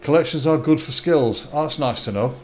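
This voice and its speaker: A man's voice: on the high side, fairly quick, darkish tone, slight background noise. A middle-aged man, chatting casually to viewers while live-streaming a game, friendly and stumbling over his words.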